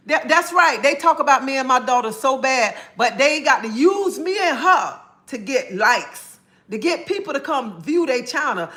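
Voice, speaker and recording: A woman's voice: high voice, sharp tone. A middle-aged woman, chatting bluntly on a livestream and laughing often. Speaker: livestream host. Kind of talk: casual livestream chat.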